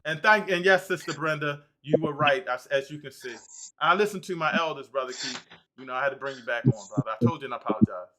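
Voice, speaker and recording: A man's voice: fairly high pitch, a little fast, noisy background. A man hosting a live panel discussion, talking in an emotional, emphatic way and often repeating himself. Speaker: livestream host.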